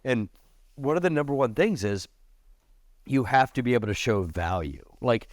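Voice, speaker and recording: Speaking at an ordinary pace, a middle-aged man shares stories as a podcast guest in a loose, lively chat. When quoting people, he raises his pitch to act them out, and the studio audio is free of echo.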